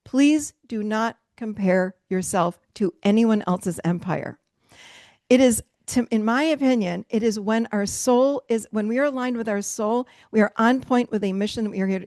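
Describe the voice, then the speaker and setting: A woman in her fifties giving an energetic motivational workshop talk as a coach, emphatic and conversational with light laughs. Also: medium pitch, no room sound, studio quality.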